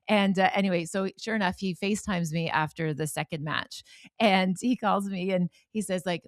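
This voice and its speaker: A woman's voice: medium pitch, fairly even intonation, brisk, no room sound, studio quality. A middle-aged woman hosting a podcast interview, telling stories animatedly and acting out the voices of people she quotes. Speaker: podcast host. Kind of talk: conversational interview.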